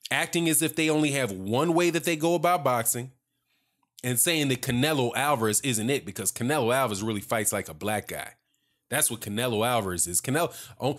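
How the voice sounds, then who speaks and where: Guy ranting about boxing, sarcastic and worked up, keeps repeating himself, normal pitch. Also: fairly bright tone. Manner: heated, sarcastic, emphatic, repetitive. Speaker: boxing commentator. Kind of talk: opinion commentary.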